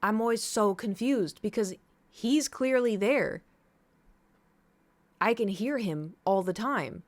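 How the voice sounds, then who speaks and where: Taking it slowly, a woman with a middle-pitched voice chats loosely with her live stream audience. Her animated, casual retelling rambles on, with aside stacked upon aside.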